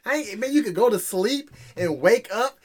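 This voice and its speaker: A man's voice: sits high, expressive, normal speed, darkish tone. Easygoing guy cohosting a dads podcast, says man a lot, chill chatty vibe. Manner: laid-back, drops "man" and "you know" often. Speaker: podcast co-host, dad. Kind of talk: casual chat.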